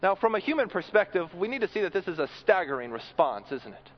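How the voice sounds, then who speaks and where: Man, preacher, sermon, earnest, slightly high pitch, dull lo-fi sound. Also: very animated, fast. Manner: earnest, repeats words when building a point.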